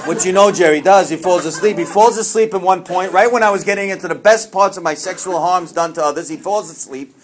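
A man sharing a personal recovery story at a meeting, swinging between loud bursts and quiet asides. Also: sits high, quick pace, few pauses.

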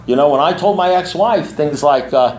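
A man's voice: on the high side, lively intonation, normal speed, darkish tone. Blunt, streetwise man in an echoey room. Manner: blunt, streetwise, repeats himself for emphasis. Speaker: recovery meeting speaker and sponsor. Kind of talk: recovery meeting talk. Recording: echoey room with faint ambience.

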